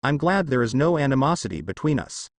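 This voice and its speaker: A protective, concerned mother, as a male narrator voices her, earnest and reproachful, with lively pitch in a dry, close sound. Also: brisk, no echo.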